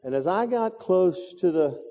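A man's voice: high-pitched, lively intonation, measured pace, vocal fry, mellow. A man preaching a sermon, telling a story dramatically with sound effects and repetition. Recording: reverberant hall.

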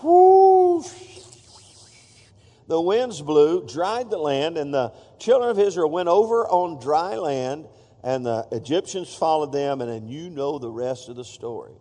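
A man's voice: a little high, lively intonation, moderate pace, warm tone. A man preaching a sermon to his congregation in a church, playful and feisty, stopping often to joke with the room. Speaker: pastor. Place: church sanctuary. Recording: long reverb of a church hall.

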